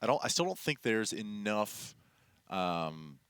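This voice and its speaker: A man's voice: lowish voice, big pitch swings, slow pace, a bit bright, smooth, no room sound. A man casting a live esports match, thoughtful and full of fillers, speaking into a headset. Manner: analytical, hesitant with many fillers. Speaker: esports commentator. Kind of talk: live game commentary. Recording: game gunfire noise behind.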